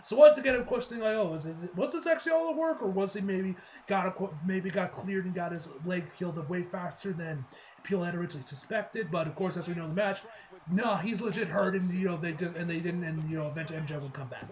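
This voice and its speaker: Casting: high-pitched male reviewer, rambling and excitable, casual solo chat. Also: fast. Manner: excitable, rambling, lots of fillers and laughter. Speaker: wrestling reviewer.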